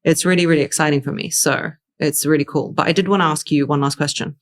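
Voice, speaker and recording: A young woman with a notably low voice hosts a casual interview podcast. She talks frankly and chattily, dropping fillers as she goes. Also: fairly even intonation, quick pace. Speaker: podcast host.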